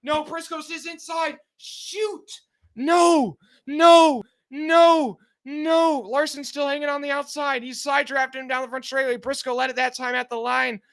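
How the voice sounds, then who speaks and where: A man live-streaming a car race, giving excited, anxious fan play-by-play and pleading with the drivers, sounding out of breath. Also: very high voice, fast talker, vocal fry, few pauses, clean tone, no room sound.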